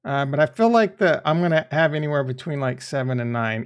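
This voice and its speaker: A man livestreaming a crypto game and chatting to viewers, excitable and rambling, laughing often and swearing casually. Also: on the high side, a little fast, few pauses, clean tone. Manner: rambling, thinks aloud. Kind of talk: live stream commentary.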